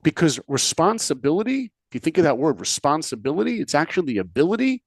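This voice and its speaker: A man with a very lively, swooping pitch tells a story, jumping into characters' voices and firing questions at his listener. The sound is dry and close, with no room echo. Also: fast, creaky. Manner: animated, acts out characters' lines, asks the listener questions. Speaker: podcast guest, speaker and filmmaker. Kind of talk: animated storytelling in conversation.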